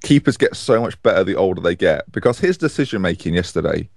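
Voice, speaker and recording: Man, low voice, very lively delivery, dry close sound, chatty podcast co-host. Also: quick pace, gravelly, dry recording. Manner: animated, opinionated, chatty with restarts. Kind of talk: casual football chat.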